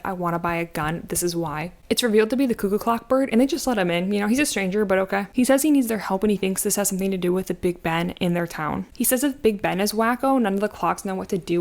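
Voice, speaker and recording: A woman in her thirties giving a casual movie recap, with a medium-pitched voice. She talks in an animated, sarcastic way, full of slang and asides to the viewer. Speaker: YouTube commentator.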